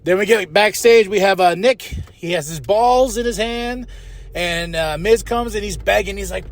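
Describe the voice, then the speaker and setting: High-voiced man recapping wrestling. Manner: animated, paraphrases wrestlers in quick put-on voices, chuckles. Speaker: podcast host.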